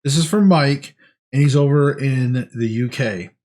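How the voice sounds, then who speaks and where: A man's voice: mid-range voice, measured pace, darkish tone. A man talking casually in a diet vlog, earnest and rambling with frequent restarts. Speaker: vlogger.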